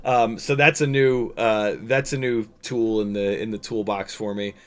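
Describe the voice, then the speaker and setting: A man's voice: on the low side, steady tone, unhurried, clean tone. A man talking casually on a livestream, rambling over his footage with lots of fillers, restarts and the odd swear. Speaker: drone pilot and streamer.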